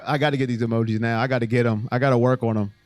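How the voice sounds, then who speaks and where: A man hosting a casual sports live stream and reading out fan comments, animated, swinging between low mutters and loud exclamations. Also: racing, no echo, soft background music.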